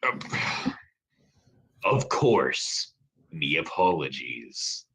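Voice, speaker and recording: A blustering old pirate sailor, played by a man in a student stage play, all growled "arr"s. His pitch swings wildly, and his tone is bright and forceful. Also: big pitch swings, very slow, gravelly, exaggerated voice. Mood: sheepish.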